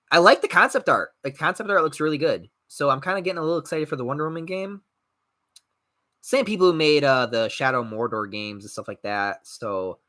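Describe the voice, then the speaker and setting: A young man hosting a podcast, chatting casually and bluntly, swearing often and mocking people he disagrees with. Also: medium pitch. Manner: blunt, profane, animated, mocks others in put-on voices. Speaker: podcast host reading live chat. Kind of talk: casual rambling chat.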